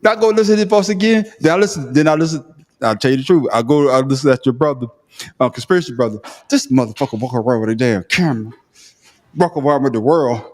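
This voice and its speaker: Animated, profane Southern man on a podcast. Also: medium pitch, fast talker. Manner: profane, animated, self-mocking, laughs often. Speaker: podcast co-host. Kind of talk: casual podcast chat. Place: remote call.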